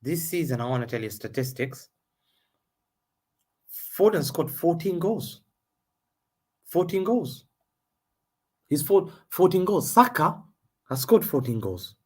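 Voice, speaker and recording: Excitable husky man calling football live. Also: fairly high pitch, slow, long pauses. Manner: excitable, slangy, repeats phrases, jumps between play-by-play and chat. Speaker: fan host of a live match watchalong.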